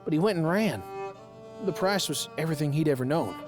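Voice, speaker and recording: A woman's voice: sits low, lively intonation, a little fast. A woman voicing a simple, kindhearted young country man in a video game, with a folksy rural drawl. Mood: somber. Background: game music.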